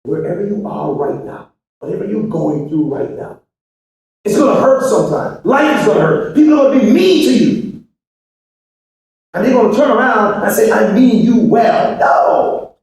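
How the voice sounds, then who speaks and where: Recorded from a distance in a big reverberant hall full of people, a motivational speaker with a high-pitched voice addresses students, alternating shouting with quiet sermon-like asides and pressing them with questions. His intonation is lively, his pace moderate, and he leaves long pauses.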